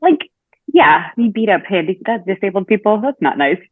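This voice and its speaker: A woman's voice: mid-range voice, big pitch swings, moderate pace, breathy edge, no echo. A woman joins a casual podcast chat over a thin, phone-like line that sounds tinny and dry. She talks hesitantly, with lots of fillers and restarts. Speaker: podcast guest.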